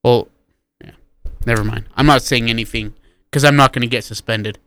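A man co-hosting a sports talk radio show, giving animated opinions in casual chat. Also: mid-range voice, normal speed, no echo.

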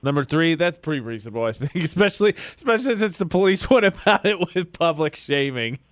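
A man's voice: fairly high pitch, expressive, quick pace, no room sound. A man co-hosting a radio show, joking and sarcastic in casual banter. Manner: joking, sarcastic, playfully declarative. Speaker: radio co-host. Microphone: studio microphone.

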